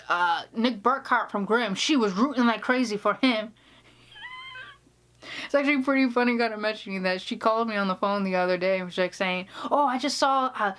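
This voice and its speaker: A woman's voice: fairly high pitch, a bit bright. Woman, vlogger, casual chat, chatty, laughing storyteller, indoor room.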